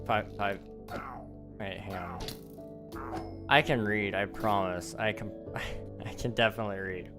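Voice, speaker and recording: A young man, slightly hoarse, chatting casually on a live stream while playing, thinking aloud with ums and quick laughs. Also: on the low side. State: slightly hoarse, losing his voice. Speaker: gaming livestreamer. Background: background music.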